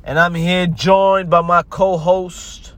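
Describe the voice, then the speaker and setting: A man's voice: high voice, flat delivery, slow pace, a bit bright. A man hosting a comedy podcast, reacting in disbelief as the straight man. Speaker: podcast host. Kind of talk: comedic casual chat.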